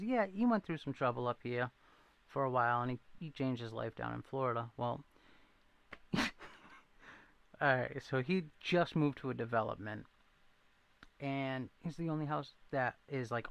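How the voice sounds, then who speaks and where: A livestream host with a fairly bright, medium-pitched voice and vocal fry talks at a normal speed over dull audio. Chatting casually with viewers, he reads comments, rambles through stories with plenty of laughs, and says he needs his glasses to read the chat.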